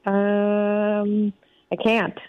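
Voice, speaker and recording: Slow-talking woman caller on a phone line. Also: mid-range voice, completely flat delivery, crowd noise. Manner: hesitant, amused. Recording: dull dry phone line.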